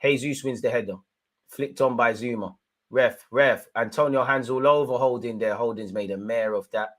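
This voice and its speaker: An animated young man calls a football match live for his viewers, full of street slang. He talks in a steady, mid-pitched voice that climbs into heated outbursts aimed at the referee. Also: moderate pace. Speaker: live match watchalong host. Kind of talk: excitable live football commentary and reaction.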